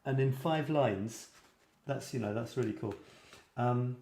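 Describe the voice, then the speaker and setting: A man's voice: medium pitch, a little slow, mellow. Chatty man in an echoey room. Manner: chatty, lots of fillers and restarts; reads light verse playfully. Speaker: host. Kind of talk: casual chat and reading poems aloud.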